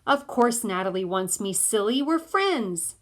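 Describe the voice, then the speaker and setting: A woman voicing a bossy, excitable young girl who talks loud and shrill. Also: measured pace, natural voice. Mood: bossy, excited.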